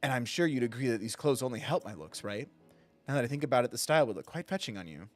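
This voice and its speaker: A man voicing a flirtatious disguised male shopkeeper in a video game, reading the dialogue aloud in a soft, coy way. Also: medium pitch, expressive, fast talker, faint music behind, natural voice.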